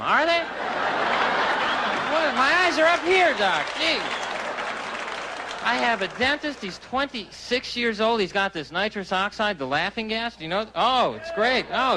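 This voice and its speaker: A man doing stand-up on a live stage, conversational and self-deprecating, with quick asides to the audience. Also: high-pitched, very animated. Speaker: stand-up comedian. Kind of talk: stand-up comedy. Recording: 1980s live comedy special, loud crowd laughter and noise. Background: audience laughter.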